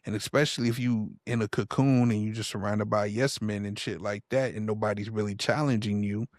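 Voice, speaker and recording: A man's voice: on the low side, steady tone, fairly quick, darkish tone. A man talks in a slangy, laid-back way on a podcast, stretching out his points in casual chat. The sound is dry and close, with no room echo. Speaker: podcast co-host.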